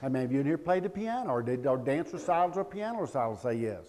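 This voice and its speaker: A man, giving a live training talk as a law enforcement trainer, animated and joking, calling out questions to the crowd. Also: medium pitch, quick pace, few pauses. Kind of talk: live seminar talk to an audience. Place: room with a live audience.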